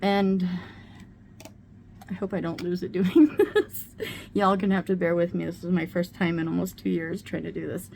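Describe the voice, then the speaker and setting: A woman's voice: on the low side, little pitch movement, moderate pace, creaky, a little mellow, a little hiss or hum. A middle-aged woman vlogging casually at home while doing her makeup, talking candidly and swearing freely. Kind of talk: casual get-ready-with-me chat.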